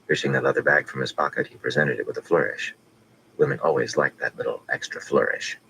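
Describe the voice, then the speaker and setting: A man narrating a fantasy audiobook with steady, measured reading. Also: rumbling low, gravelly, slight background noise, rough recording.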